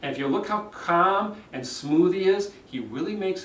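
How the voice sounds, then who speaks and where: A man critiques speeches as a public speaking coach, acting out the habits he points to. His fairly high voice swings widely in pitch. The sound is roomy, picked up by a mic a few steps away. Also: normal speed, few pauses, slight background noise. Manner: animated, demonstrates delivery himself. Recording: roomy echo, mic at a distance.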